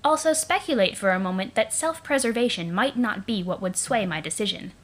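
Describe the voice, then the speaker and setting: A woman's voice: mid-range voice, lively intonation, a little fast, lightly acted. A woman voicing a poised, sassy female troll. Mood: dry. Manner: dry, sassy, composed.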